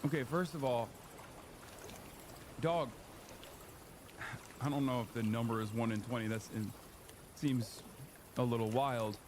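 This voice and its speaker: With a mid-range voice, a measured pace, and long pauses, a streamer reacts to a clip with casual, profane political commentary, animatedly mocking the voices he quotes. Slight background noise is present.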